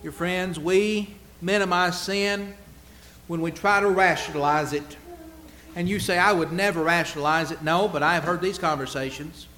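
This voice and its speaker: A man preaching with a voice pitched a little above most men's. He drives his points hard, rising and swelling on key words, then drops to a quiet aside. A faint hiss sits under the recording. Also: fairly even intonation, unhurried. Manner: emphatic, rhetorical questions, swings between loud and hushed. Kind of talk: sermon.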